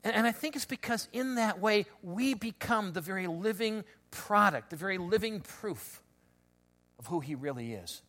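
A man preaching a conversational sermon, telling stories with lots of restarts and animated asides. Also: high voice, moderate pace. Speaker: pastor.

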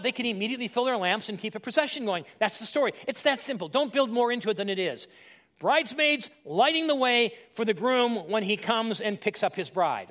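High-voiced man preaching conversationally. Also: fairly bright tone. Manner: plain-spoken, conversational preaching with rhetorical questions. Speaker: pastor. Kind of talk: sermon.

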